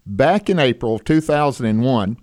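A man's voice: mid-range voice, animated, moderate pace, a little mellow, dry recording, studio quality. A man with a Southern US accent hosting a casual interview, asking questions in a folksy way with chuckles. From Southern United States. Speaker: interview host.

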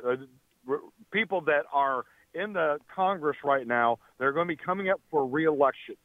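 A man's voice: on the high side, lively intonation, normal speed, dry recording. Man from Louisiana, phone-in caller, fervent and stumbling, thin phone audio. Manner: fervent, tongue-tied with fillers. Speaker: radio call-in caller. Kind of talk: call-in comment. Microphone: telephone. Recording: phone line.

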